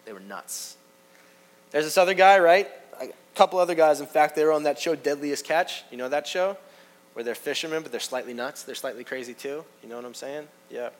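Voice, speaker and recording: A man delivers a sermon with a somewhat high-pitched voice. His talk is lively and conversational, and he addresses the listeners directly. He often moves from loud, emphatic lines to hushed asides. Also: fairly quick. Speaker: pastor.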